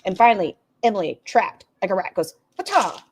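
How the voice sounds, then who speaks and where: A woman's voice: medium pitch, fairly quick, a little mellow, a little hiss or hum. A woman hosting a reaction video, making sarcastic, profane asides. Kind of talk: casual commentary.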